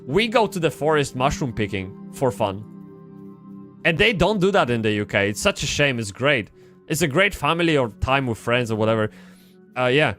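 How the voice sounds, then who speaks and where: A man chats loosely through a game stream, restarting his sentences and swearing freely. His voice sits at an ordinary middle pitch. Faint music plays in the background. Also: very animated, moderate pace, a bit bright. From Poland. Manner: rambling, swearing, frequent restarts. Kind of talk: casual gaming livestream chat.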